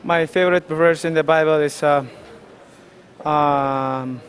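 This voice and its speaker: A man from the Philippines, a boxer answering interview questions haltingly, with many fillers and restarts. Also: a little high, steady tone.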